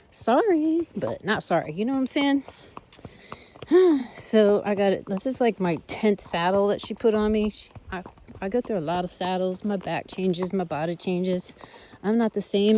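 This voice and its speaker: A woman's voice: mid-range voice, warm tone, a little hiss or hum, lightly acted. A woman voicing her older male Arabian horse, a cheeky, stubborn character who rambles and teases in a put-on Southern drawl. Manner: chatty, rambling, teasing drawl. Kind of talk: casual in-character monologue. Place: outdoors on a trail.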